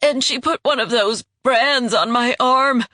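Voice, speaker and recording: A man's voice: extremely high pitch, a little slow, sharp tone, dry recording, clean studio sound, pitched above the performer's own voice, heavily acted. A woman voicing a desperate wounded traitor man. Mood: pleading. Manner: pleading, quavering.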